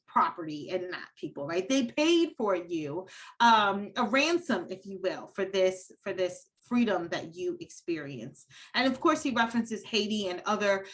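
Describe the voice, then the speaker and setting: A woman giving an academic lecture over a video call, animated, laughing often and paraphrasing historical figures aloud. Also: medium pitch. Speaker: guest lecturer. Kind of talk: academic lecture at a virtual event. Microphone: computer mic on a video call.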